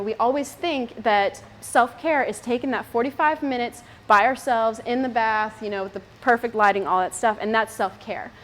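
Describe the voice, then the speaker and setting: At a moms' group, a woman in her thirties chats casually with her audience, often laughing and leaning on fillers. Her voice has a medium pitch and a fairly bright tone.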